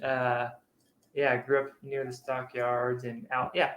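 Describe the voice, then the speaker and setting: A man from Texas, a guest in a casual interview chat over a video call, talking in a hesitant, halting way. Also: mid-range voice, completely flat delivery, fairly bright tone, echoey room, dull audio. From Texas, USA.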